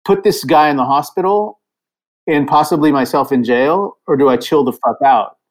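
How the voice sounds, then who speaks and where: Animated, profane man telling a story. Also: fairly high pitch, moderate pace. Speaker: guest musician. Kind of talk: casual storytelling.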